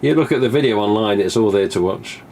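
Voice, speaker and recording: A man's voice: lowish voice, lively intonation, fast, darkish tone, slight background noise. A man, hosting a live stream in a rambling, casual monologue, swearing freely and acting out remembered conversations. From England. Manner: chatty, swears casually, acts out remembered dialogue.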